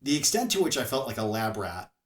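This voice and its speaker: A man's voice: mid-range voice, fast. Chatty man in an echoey room. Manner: animated, chatty, laughs often, restarts phrases. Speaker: podcast co-host. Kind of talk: casual chat.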